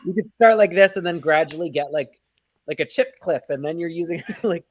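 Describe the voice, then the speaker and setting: A man's voice: on the high side, a little fast, a crowd in the background. Canadian drag queen guest, man, jokey and playful, video call. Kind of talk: casual chat on a video call podcast.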